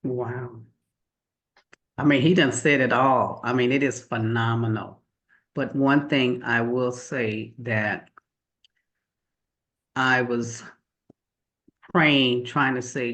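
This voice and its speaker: A man's voice: mid-range voice, fairly even intonation, slow pace, long pauses, fairly bright tone. Man telling a plain, churchy story. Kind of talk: casual panel chat.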